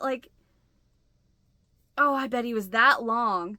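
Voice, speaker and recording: Woman vlogger, casual storyteller, bright and close-miked, animated delivery. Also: a little high, moderate pace, no echo. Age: adult with a husband. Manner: animated, acts out her own shouts and gasps. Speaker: channel host.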